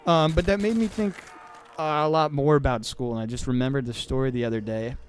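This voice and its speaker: Playing a video game as he hosts his podcast, a man in his twenties rambles in a casual, sarcastic, self-deprecating way. He has a mid-range, slightly mellow voice, and there's a faint hiss or hum.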